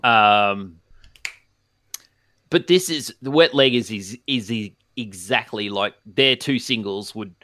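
A man co-hosting a music podcast in a low, bright voice. He rambles with frequent hesitations and restarts. The sound is close and dry. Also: slow pace, dry recording. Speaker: podcast co-host. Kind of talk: casual chat.

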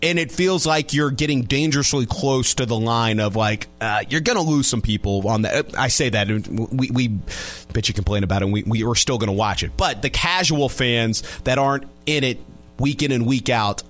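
A man's voice: mid-range voice, moderate pace, fairly bright tone. Male radio host, casual sports chat, rambling, restarts phrases.

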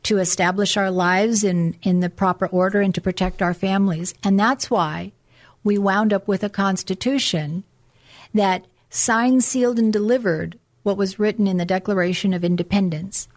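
A woman's voice: medium pitch, normal speed. Earnest middle-aged woman preaching. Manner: earnest, preachy, reads documents aloud. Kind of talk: religious political talk show.

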